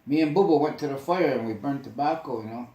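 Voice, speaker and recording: A man tells a long story in an easy, conversational way. His delivery is emphatic and animated, and he keeps checking that the listener is following. His voice sits at an ordinary pitch, and the room around him is noticeably echoey. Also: fast. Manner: animated, emphatic, asks "you get me?". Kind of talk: casual storytelling chat.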